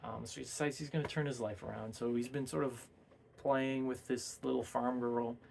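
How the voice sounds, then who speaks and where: A man's voice: medium pitch, steady tone, moderate pace, creaky, a little mellow, slight background noise. A man casually retelling a novel's plot as a book reviewer, rambling and full of hesitant fillers.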